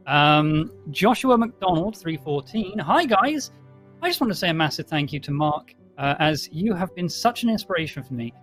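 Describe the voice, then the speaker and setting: A man's voice: a little high, a bit bright. A man hosting a live stream, chattily thanking viewers and reading out their donation messages. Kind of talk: casual stream chat.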